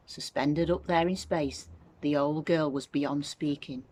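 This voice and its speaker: Low-voiced woman reading a storybook. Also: a little slow, husky. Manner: expressive storytelling. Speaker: infant school teacher. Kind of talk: reading a children's book aloud.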